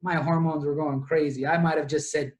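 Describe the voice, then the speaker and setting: A man's voice: a little high, flat delivery, brisk. A young man in casual book-club talk, retelling a plot at length with lots of fillers and asides. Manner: rambling, detail-heavy retelling with many fillers. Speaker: podcast co-host.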